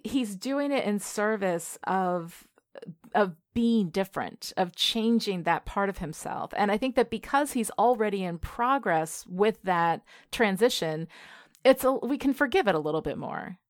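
A woman talks through a film in a loose, chatty way, with many "like"s and "you know"s. Her voice is mid-pitched and the sound is dry and close. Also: animated, unhurried, dry recording. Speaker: podcast co-host. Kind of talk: casual film discussion.

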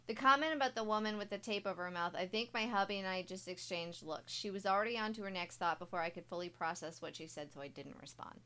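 Bright-voiced woman podcast co-host. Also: mid-range voice, fast, few pauses. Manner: laughs often, reads stories aloud with asides. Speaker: podcast co-host reading listener stories. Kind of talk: casual chat.

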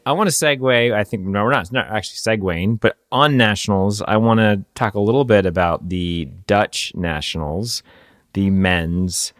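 A man's voice: fairly low pitch, normal speed, a bit bright, dry recording, clean studio sound. A man co-hosting a casual podcast who laughs often and asks the others trivia questions. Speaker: podcast co-host. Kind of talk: casual chat.

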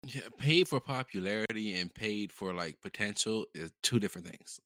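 A man co-hosts a casual chat, wry and quick with a quip, laughing often. His voice has a bright, forward tone at an average pitch. The close mic sounds dry. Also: lively intonation, no room sound. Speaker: podcast co-host. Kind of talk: casual chat recapping a reality show.

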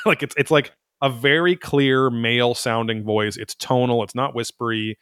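A man's voice: mid-range voice, steady tone, normal speed, a bit bright, smooth, no echo, studio quality. A man hosting a podcast, recapping an episode in a rambling, profane, wry casual chat. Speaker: podcast host.

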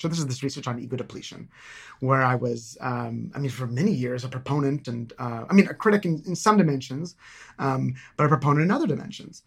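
A man's voice: mid-range voice, quick pace, gravelly, husky. Hesitant man in casual talk. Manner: hesitant, many fillers and restarts. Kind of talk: casual conversation.

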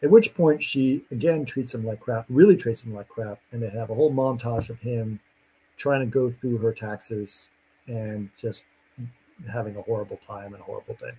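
A man's voice: medium pitch, steady tone, normal speed, warm tone, slightly rough, low-quality recording. A man in casual chat, rambling through a movie plot with lots of fillers and acted-out lines. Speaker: podcast co-host recapping a movie.

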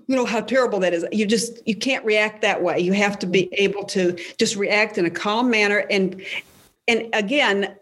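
A woman's voice: medium pitch, a bit bright. An older woman speaks in a faith-based interview as a guest author. She tells stories from her own life openly and reflectively. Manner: candid, reflective, storytelling.

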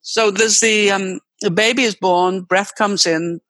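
An older woman voice teacher, explaining expressively as a guest, swooping her pitch to demonstrate. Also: fairly even intonation, a little slow, fairly bright tone, no room sound, low-quality recording. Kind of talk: explanatory interview talk.

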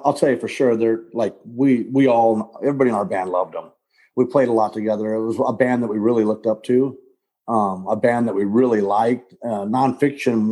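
A man talks casually as an interview guest about his old band days. His voice is gravelly and a bit husky. He rambles, stops, and restarts his sentences. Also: medium pitch, mellow. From Southern California. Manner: rambling, halting, with restarts and laughs. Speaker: punk singer, guest.

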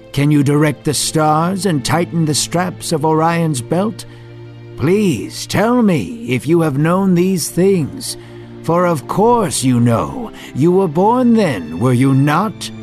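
A man voicing God as a vast, stern male deity who asks thundering questions in a slow, forceful way. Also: a little high, voice pushed up.

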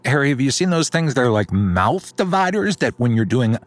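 Animated man improvising a comic story. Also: medium pitch, normal speed, no echo. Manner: animated storytelling with sudden put-on voices. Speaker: podcast host telling an improvised story. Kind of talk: improvised bedtime story, comedic.

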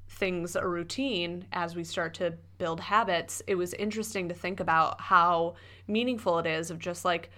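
A woman's voice: lowish voice, fairly even intonation, moderate pace, a bit bright. A woman co-hosting a casual podcast, talking conversationally with frequent fillers. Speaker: podcast co-host. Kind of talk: casual chat.

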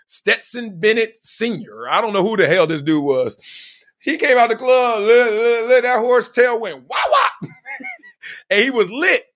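A lively, bright-toned male host, telling a comedic story with a high, swooping voice. He laughs often and slips into quoted voices as he goes. He sounds middle-aged. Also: a little slow. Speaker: podcast host.

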